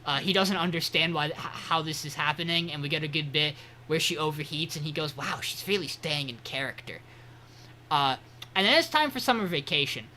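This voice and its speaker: A man co-hosts a casual podcast. He recaps an episode in a loose, rambling way and swears freely. His voice is bright and forward, with a faint hiss in the background. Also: fairly high pitch, expressive, fairly quick. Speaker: podcast co-host.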